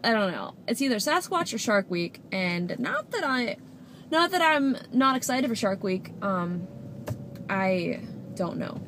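A young woman in her twenties chats straight to her camera from the driver's seat. She rambles and giggles between thoughts. Road and engine noise runs clearly underneath. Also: medium pitch, fairly bright tone. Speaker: vlogger. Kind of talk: casual vlog chat while driving. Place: inside a car.

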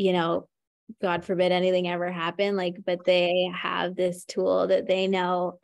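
Woman hosting an online chat, gushy and excited, thanks everyone a lot. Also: on the low side, unhurried, gravelly, no room sound. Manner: warm, effusive, enthusiastic. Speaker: host and tapping school teacher. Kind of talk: online interview. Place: video call.

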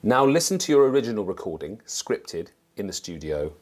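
A man's voice: on the low side, sing-song, brisk, a little mellow. A man talking to camera as a presenting coach, conversational and thinking aloud as he explains. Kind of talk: teaching to camera.

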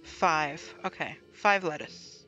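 Woman slowly chatting through a game stream, bright voice, laughs a lot, faint music in the back. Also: sits low, dull audio. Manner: chatty, laughs often, talks to herself and chat. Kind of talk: casual gameplay livestream chat. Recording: light music behind the voice.

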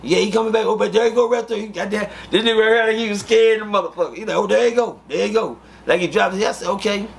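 A man, an interview guest, telling prison stories in a profane, animated way and acting out the dialogue. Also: high voice, racing, gravelly, hardly any pauses. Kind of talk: casual storytelling.

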